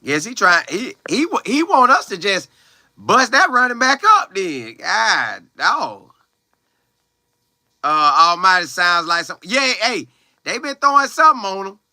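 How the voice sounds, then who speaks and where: A young man livestreaming and reading viewer comments, talking loose and slangy with lots of exclamations. His voice sits fairly high and cuts through very brightly. The sound is dry and close, with no room around it. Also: big pitch swings, measured pace, no echo. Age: young adult. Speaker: college football player livestreaming. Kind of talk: casual live chat, reading viewer comments aloud.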